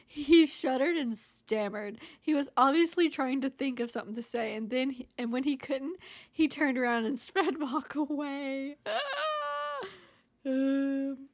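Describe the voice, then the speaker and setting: A young woman streamer reading online stories aloud and chatting casually with her viewers. She is laid-back, swears freely and talks while eating snacks. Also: sits high.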